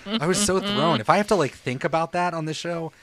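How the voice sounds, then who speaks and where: A man co-hosting a podcast in casual chat, animated, swearing freely and laughing often. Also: fairly high pitch, fairly quick, background noise. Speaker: podcast co-host.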